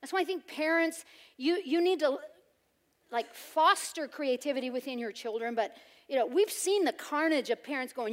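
High-voiced, loud woman preacher. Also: animated, normal speed. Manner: loud, emphatic preaching with playful humor. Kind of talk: sermon.

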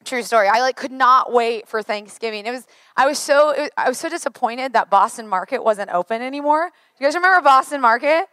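A woman in her thirties preaching a sermon, chatty and joking, her voice a little worn and hoarse. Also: high voice, a little fast, few pauses, no echo. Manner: chatty, joking, lively asides. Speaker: pastor.

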